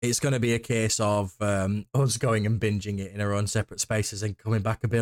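A man co-hosting a podcast in casual chat, excitable and rambling, who swears casually. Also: lowish voice, brisk. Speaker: podcast co-host.

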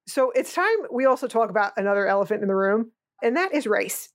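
A woman co-hosting a podcast with a somewhat high voice. She speaks in an animated, outspoken, and blunt way, as in casual chat. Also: a little fast. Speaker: podcast co-host.

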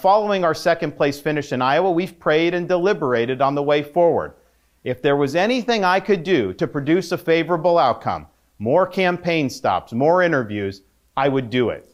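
A male politician giving a formal, measured campaign statement from a script. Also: fairly high pitch, animated.

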